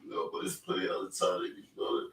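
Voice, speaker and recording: Talking rapid-fire in a slightly bright voice, the podcast host rambles through a personal tale in street slang, tossing in "you feel me" over and over. A distant mic in an echoey room picks him up, with slight background noise.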